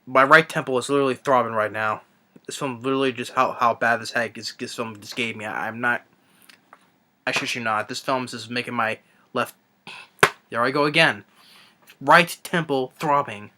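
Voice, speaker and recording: A young man ranting through a movie review, exasperated and halting, with many restarts and trailing sighs. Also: medium pitch, fairly even intonation, background noise.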